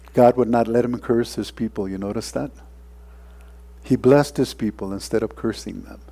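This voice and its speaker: Mellow-voiced male preacher retelling scripture. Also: mid-range voice. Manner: storytelling, with frequent tag questions and chuckles. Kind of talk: sermon.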